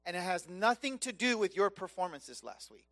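A man preaching a sermon, impassioned and conversational, swinging between loud emphatic peaks and soft hushed lows. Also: lively intonation, normal speed. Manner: conversational, casual asides.

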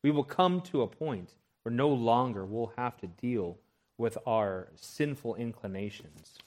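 A man's voice: mid-range voice, expressive, unhurried, a little mellow. Male pastor, sermon delivery, scripture reading, conversational check-ins. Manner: expository preaching, checks in with "right?"; reads scripture aloud with rising emphasis.

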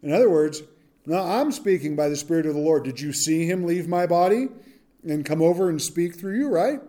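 Male pastor, expository sermon, lively delivery, slang asides, slightly high, mellow tone. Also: a little fast. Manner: animated, acts out quotes in modern slang.

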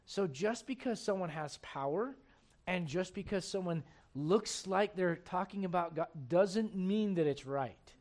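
A man's voice: high voice, lively intonation, measured pace, a little mellow. A man preaching a sermon, emphatic and full of questions to the congregation, reading scripture aloud in old-fashioned wording. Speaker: pastor.

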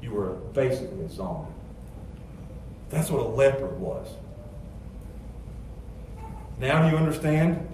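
A man preaching a sermon, moving between quiet, low storytelling and loud, emphatic passages. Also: big pitch swings, moderate pace, slight background noise. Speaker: pastor. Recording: echoey church sound from a distance.

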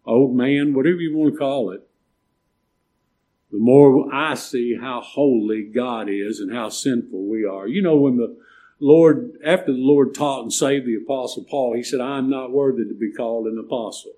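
An older man preaching a sermon, emphatic and building to loud, stressed points. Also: mid-range voice, a little slow. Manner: emphatic preaching, swelling louder on key points.

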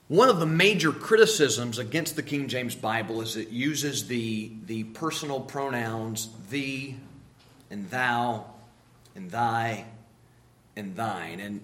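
Emphatic preacher man, bright voice. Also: mid-range voice, lively intonation, a little slow. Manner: emphatic, repeats key words, rhetorical questions. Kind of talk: sermon.

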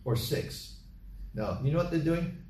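Emphatic preacher, roomy distant sound. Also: male voice, on the high side, expressive, unhurried, darkish tone, a little hiss or hum. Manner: repetitive, emphatic exhortation with acted-out party chatter. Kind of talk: sermon. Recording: roomy echo from off mic with faint ambience.

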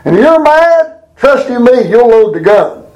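High-voiced preacher man. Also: sing-song, a little mellow, reverberant, muffled recording. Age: older. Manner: colloquial, drawls scripture slowly and with emphasis. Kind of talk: folksy sermon.

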